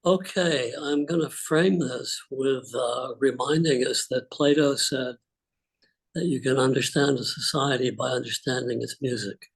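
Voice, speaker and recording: An older man telling relaxed, rambling personal stories on a group video call, with many fillers. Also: mid-range voice, measured pace, creaky, breathy edge, poor audio. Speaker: call participant. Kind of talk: casual storytelling on a group call.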